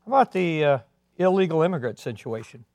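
A man preaching a sermon as a pastor, earnest, swinging between emphatic and quiet delivery. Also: a little high, big pitch swings, quick pace, no room sound.

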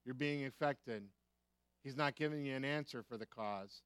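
A man's voice: mid-range voice, moderate pace, fairly bright tone, clean tone, dry recording. An American man preaching a sermon as pastor, emphatic, repeating key phrases and asking the listeners rhetorical questions.

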